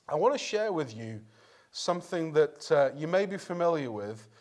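A man preaching an evening sermon in a church, earnest and conversational, clearing his throat and restarting phrases now and then. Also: fairly high pitch, big pitch swings, normal speed, darkish tone.

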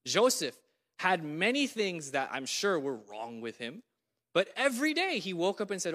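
Animated high-voiced preacher in a hall. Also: male voice, normal speed. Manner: animated, voices God in dramatic quotes. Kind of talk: sermon. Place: church.

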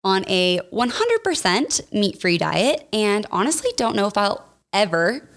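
A woman's voice: mid-range voice, big pitch swings, measured pace. A young woman hosting a podcast, talking candidly and casually, full of "like" and "y'all". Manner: chatty, candid, uses "like" and "y'all" a lot. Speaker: podcast host. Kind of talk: casual personal podcast talk.

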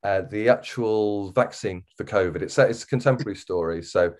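A man with a Wirral accent, a podcast guest, talking casually and haltingly with many ums and restarts. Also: lowish voice. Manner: hesitant, full of ums and restarts. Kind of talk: casual interview chat.

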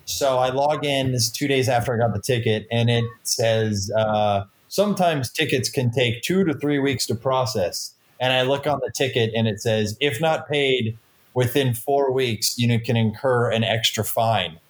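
A man's voice: medium pitch, moderate pace. A young man, a stand-up comedian co-hosting a podcast, complaining in casual chat, exasperated and swearing.

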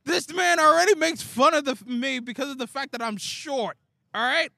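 Teen boy on a school podcast, high bright voice, gets defensive fast when teased. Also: creaky, no room sound, studio quality. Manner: defensive, quick comebacks. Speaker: student podcast co-host. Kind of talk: casual chat.

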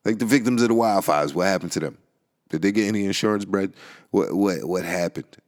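Deep-voiced dude ranting on his podcast, laughs a lot, swears, kinda rambly. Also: fairly quick. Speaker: podcast host. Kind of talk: casual rant. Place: New York.

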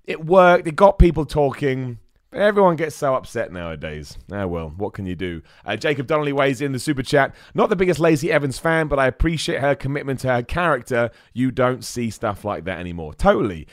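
A man's voice: mid-range voice, dry recording, studio quality. A young man hosting a live wrestling podcast, chatting loosely and reading out viewer messages. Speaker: podcast host.

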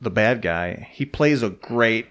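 A man co-hosting a podcast, chatting casually about a film in a measured, hesitant way. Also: lowish voice, expressive, fairly bright tone. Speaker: podcast co-host. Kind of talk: casual movie chat.

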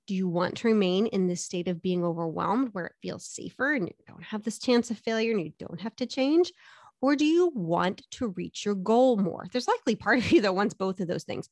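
A woman's voice: medium pitch, expressive, brisk, darkish tone, no room sound. A middle-aged woman coaching with a direct, upbeat delivery, putting rhetorical questions to the listener. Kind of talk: motivational coaching talk.

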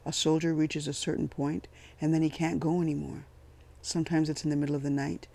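A man voicing a calm, weary army captain. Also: a little high, brisk, vocal fry. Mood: steady. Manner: calm, quiet and matter-of-fact.

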